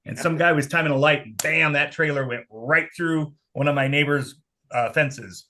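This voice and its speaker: A man's voice: a little high, normal speed, sharp tone. A man on a video call recounting a band mishap in a dry, matter-of-fact way. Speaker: musician guest. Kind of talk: casual conversation.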